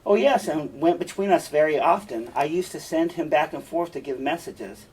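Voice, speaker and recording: A man's voice: on the high side, animated, normal speed, a little mellow, husky. A man reading the part of Othello, a general torn between love and doubt, in a room with a mic set some way back. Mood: agitated. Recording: distant mic, faint room noise.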